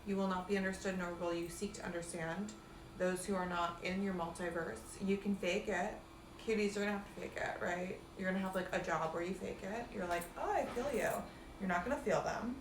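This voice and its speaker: A woman life coach and meditation guide delivers a casual spiritual pep talk, chatty and profane, packed with "like" and calling her listeners "cuties." Her voice is lowish, brisk and fairly even, over a noisy background with a roomy echo.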